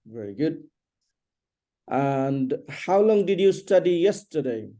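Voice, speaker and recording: A man teaching an English lesson one on one, patiently repeating questions and explaining slowly. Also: on the high side, animated, dark tone.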